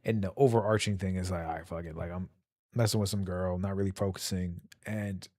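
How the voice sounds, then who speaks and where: Young male streamer, low-pitched and relaxed, chatty slang-heavy storyteller, dry close mic. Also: a little fast, no room sound. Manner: loose, slangy, rambling, laughs often. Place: home.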